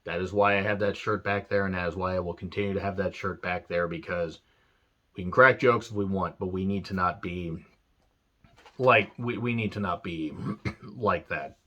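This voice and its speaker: A man's voice: low voice, moderate pace, sharp tone, lo-fi sound. A man reviewing an old wrestling show in a casual, rambling rant, earnest and full of fillers.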